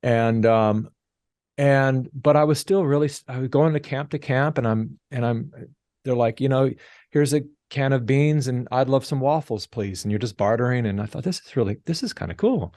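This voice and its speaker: A middle-aged man telling a story as a podcast guest, animated and acting out the people he quotes. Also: medium pitch, normal speed, no echo, clean studio sound. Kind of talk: casual storytelling interview.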